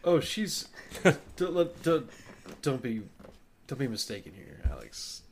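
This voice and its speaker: A man co-hosting a relaxed podcast. He gropes for words with plenty of ums and restarts and lets out small chuckles along the way. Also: mid-range voice, takes it slowly, gravelly, a little hiss or hum. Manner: hesitant, lots of fillers and restarts, chuckles. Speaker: podcast co-host. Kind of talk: casual chat.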